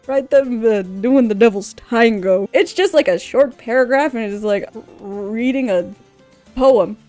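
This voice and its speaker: A young woman vlogging off the cuff, rambling with frequent laughter, loud outbursts and swearing. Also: fairly high pitch. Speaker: youtuber. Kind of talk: unscripted ranking vlog.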